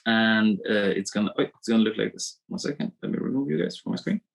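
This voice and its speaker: A man coaching a live online webinar, animated and repetitive as he draws on screen, talking into a computer mic. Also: on the low side, fast talker, creaky, rough recording. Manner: animated, repeats himself, drawing on screen.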